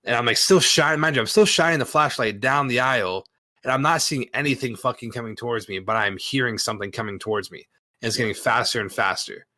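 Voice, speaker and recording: Male storyteller, casual, profane, filler-heavy, forceful tone, dry close sound. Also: medium pitch, quick pace, dry recording.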